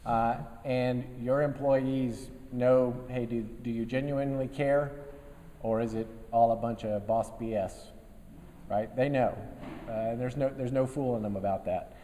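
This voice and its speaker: A man in his fifties, an army general, giving a relaxed after-lunch speech to a business group, telling folksy stories with dry humor and many fillers. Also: mid-range voice, measured pace. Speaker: guest speaker, army general. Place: meeting room before a live audience. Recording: long reverb of a meeting hall.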